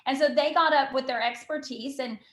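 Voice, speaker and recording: A woman giving an enthusiastic motivational talk on a team call, bubbly and quick, full of "you know" and "literally". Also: high-pitched, fairly bright tone, roomy sound. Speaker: team call guest speaker.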